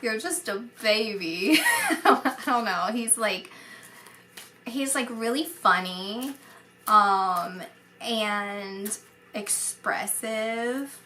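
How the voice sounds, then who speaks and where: A woman's voice: medium pitch, pushed and bright, a little hiss or hum. A woman psychic medium giving a casual spoken reading, rambling and hesitant with many fillers.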